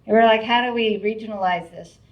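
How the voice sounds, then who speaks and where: A woman's voice: on the high side, fast talker, distant mic. A middle-aged woman giving a grateful, heartfelt speech at a live event, her talk full of restarts and little fillers. She sounds set back from the mic, and the recording is dull and muffled. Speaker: board chair giving a speech. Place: event hall with an audience.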